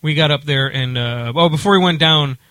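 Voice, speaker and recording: A man chats casually, spinning a long anecdote with frequent fillers and false starts. His voice is bright and a touch higher than most. The sound is dry and close. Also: a little fast, dry recording. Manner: rambling, many fillers and restarts. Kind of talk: casual storytelling chat.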